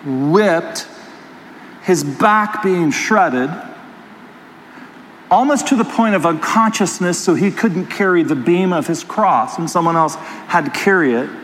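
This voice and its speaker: A pastor delivering a sermon with an animated personal story, talking straight to his congregation. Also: sits high, unhurried, big-room sound, a little hiss or hum, rough recording.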